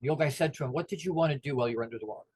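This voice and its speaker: A man's voice: medium pitch, rapid-fire, breathy edge, no room sound. A middle-aged man giving a motivational talk, telling stories and acting out the voices of the people in them. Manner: animated, acts out the voices of people in his stories. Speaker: motivational speaker.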